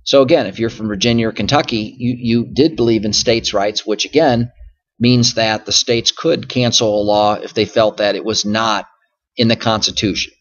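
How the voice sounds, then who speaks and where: A man's voice: lowish voice, steady tone, moderate pace, muffled recording. A male history teacher lecturing through slides, explaining patiently and often circling back with "so again" and "okay?". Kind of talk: recorded classroom lecture over slides.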